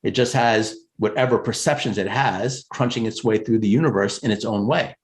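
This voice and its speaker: An American man who works as a career coach speaks about spirituality on a group call at a normal speed. His tone is earnest and conversational, and his pitch often rises for emphasis.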